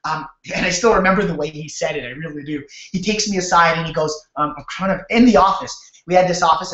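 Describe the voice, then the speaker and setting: A man from Canada hosting a sales webinar over a video call, telling his story in an energetic, repetitive way and talking straight to his audience. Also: fairly high pitch, fast talker, few pauses. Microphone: webcam or computer mic on a video call. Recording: roomy, dull lo-fi webcam audio.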